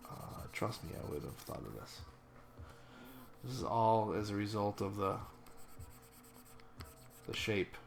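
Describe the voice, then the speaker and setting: Low gravelly-voiced man rambling while painting. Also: animated, unhurried, pauses often, slight background noise. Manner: rambling, casual, self-correcting. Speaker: digital artist. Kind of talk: thinking aloud while painting.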